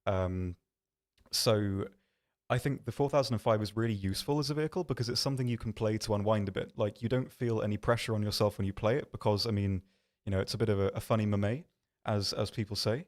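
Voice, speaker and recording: Guy on a game stream in an office, lowish voice, rambly and jokey about himself, lots of ums. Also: quick pace, a little mellow. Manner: rambling, self-deprecating, lots of ums and restarts. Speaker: stream host. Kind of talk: casual livestream chat reading viewer questions.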